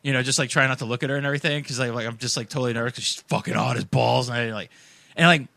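Fast, bright-voiced man telling a rambling story. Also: medium pitch, fairly even intonation, creaky, no echo. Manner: profane, rambling, heavy on fillers. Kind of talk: casual storytelling.

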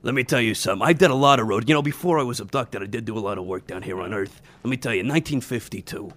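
A man's voice: mid-range voice, rapid-fire, fairly bright tone, close to an everyday voice. A man playing a brash, crude old vaudeville-style comic in a comedy sketch, firing off punchlines. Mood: boastful. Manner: brash joke-telling with rimshot-style punchlines.

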